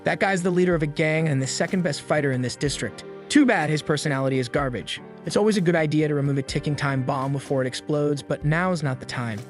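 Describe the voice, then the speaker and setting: A cool, confident young hero from a comic recap, voiced by a man, matter-of-fact and unhurried in his asides. The voice is a little high, with faint music behind. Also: lightly acted. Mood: calm.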